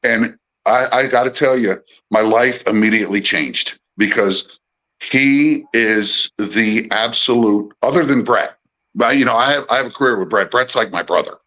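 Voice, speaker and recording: In a casual storytelling interview, a middle-aged podcast guest who used to work as a personal assistant for musicians tells rambling tales, often restarting and performing quotes. He speaks at a moderate pace with a medium, bright, forceful voice, though the audio is poor.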